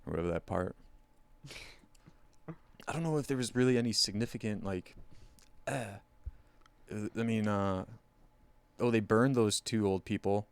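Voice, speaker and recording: A man's voice: fairly low pitch, normal speed, pauses often, clear, resonant tone. A man co-hosting a podcast, rambling and swearing freely in casual chat, acting out voices when he retells scenes. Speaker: podcast co-host.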